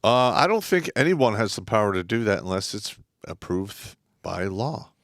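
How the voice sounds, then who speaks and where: A man's voice: lowish voice, big pitch swings, normal speed, dry recording, clean studio sound. A man co-hosting a casual livestream, telling stories in a brash, profane, boastful way. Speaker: co-host.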